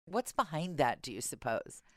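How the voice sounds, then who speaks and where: A woman's voice: deep voice, very animated, normal speed, dry recording, clean studio sound. A woman hosting a podcast in casual chat, telling wry, self-deprecating dating stories. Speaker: podcast host.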